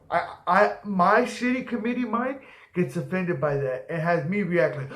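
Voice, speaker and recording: Male storyteller, profane and rambling, slightly high-pitched, recorded in a reverberant room. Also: normal speed, a bit bright. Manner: profane, rambling, acts out quoted voices. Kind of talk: casual storytelling. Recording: echoey room.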